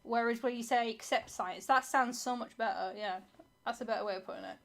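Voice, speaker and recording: A woman's voice: fairly high pitch, brisk, vocal fry. A woman co-hosting a casual live stream, chatty and giggly, reading out chat.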